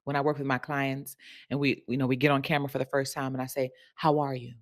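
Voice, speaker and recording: Woman coach, low voice, frank casual monologue, checks in with "right?". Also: level tone, fast. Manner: chatty, punctuates with "right?"; candid and frank, swears casually. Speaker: sensuality coach. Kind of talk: casual direct-to-camera monologue.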